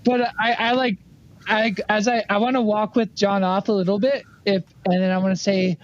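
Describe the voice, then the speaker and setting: A man playing a tabletop game, loud and profane with animated delivery. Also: sits high, normal speed. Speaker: player. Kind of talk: tabletop role-play chat. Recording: dull lo-fi mic.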